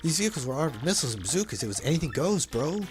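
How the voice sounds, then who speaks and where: A laid-back young man tells a long adventure story in easygoing slang, voiced by a man dubbing a game. The voice sits somewhat high and is backed by faint music. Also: very animated, very fast. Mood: storytelling. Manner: casual slangy storytelling, says bro a lot. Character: laid-back young male hero's brother telling a story.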